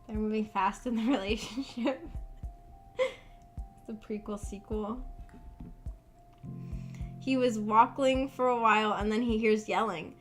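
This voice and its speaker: A woman's voice: on the high side, measured pace, long pauses, faint music behind. Amused woman reading a fanfic aloud. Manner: amused, laughs often. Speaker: streamer. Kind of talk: dramatic reading with comic asides.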